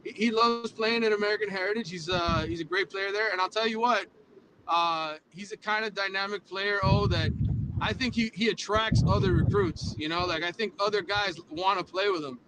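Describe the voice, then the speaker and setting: A man's voice: high-pitched, moderate pace, background noise. A man calling in by phone from inside a car, easygoing and laughing often as he talks. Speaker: phone-in guest, youth football coach. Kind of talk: casual phone call from a car.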